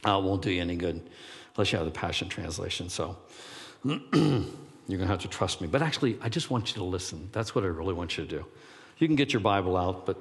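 A man's voice: low-pitched, animated, quick pace. A middle-aged man preaching a sermon as pastor, conversational and emphatic. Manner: conversational, emphatic, self-deprecating. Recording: long hall reverb.

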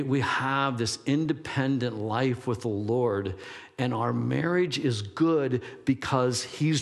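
Middle-aged pastor guy preaching, chatty but emphatic, long echo in the sanctuary. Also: medium pitch. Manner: conversational, emphatic, self-deprecating. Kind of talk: sermon. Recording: long hall reverb.

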